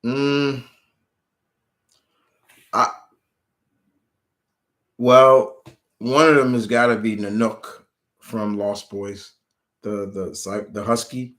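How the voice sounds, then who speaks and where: A man hosting his own channel, chatting casually on a live stream and answering viewer questions. He rambles with many restarts and gets animated when retelling scenes. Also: medium pitch, drawn-out words, pauses often.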